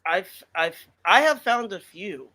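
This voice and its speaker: High, lively man laughing at himself. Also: measured pace, background noise. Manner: self-deprecating, laughing. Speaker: guest author. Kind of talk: casual chat.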